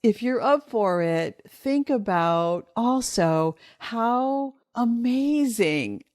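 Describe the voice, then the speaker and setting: A woman hosting a solo podcast for dog owners, coaxing listeners gently and rising into lively bursts of encouragement. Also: a little high, very slow, no echo, studio quality. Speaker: podcast host and dog trainer.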